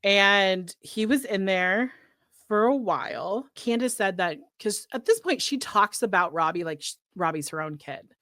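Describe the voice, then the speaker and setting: A woman co-hosting a podcast, recapping a show in casual chat, full of "like" and quick laughs. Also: medium pitch, expressive, fairly bright tone, no echo, studio quality. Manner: chatty, heavy use of "like", laughs often.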